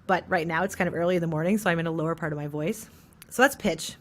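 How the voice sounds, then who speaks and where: Speaking at a quick pace, a trans non-binary voice teacher being interviewed walks through how voices get shaped, showing off changes in pitch and resonance as they go.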